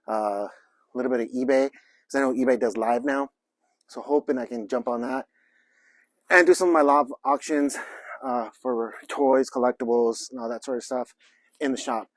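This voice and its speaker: A man's voice: medium pitch, dry recording. Breathless chatty man vlogging outdoors. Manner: chatty, rambling, self-joking. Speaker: vlogger, small shop owner. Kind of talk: casual vlog chat while working. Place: outdoors by a trailer and yard.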